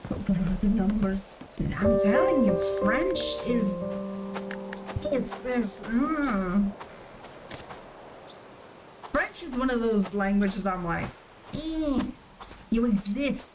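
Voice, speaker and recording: A woman chats casually while playing a story game. She rants in a lively, joking way and swears freely. Her voice sits a little distant from the mic, under loud game music. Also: mid-range voice, takes it slowly, long pauses. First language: Portuguese. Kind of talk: casual let's-play chat.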